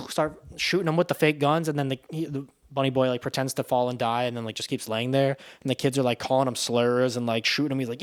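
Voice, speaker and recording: A man's voice: medium pitch, fairly even intonation, quick pace. A man giving a casual spoken movie review, rambling and swearing in a loose, offhand way.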